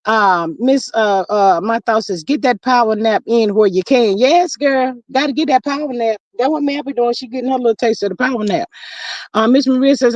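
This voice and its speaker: A woman's voice: on the high side, a little mellow, no echo. Chatty woman, dry lo-fi sound. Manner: chatty, drawling, calls everyone child and girl. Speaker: livestream host. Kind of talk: casual chat reading viewer comments.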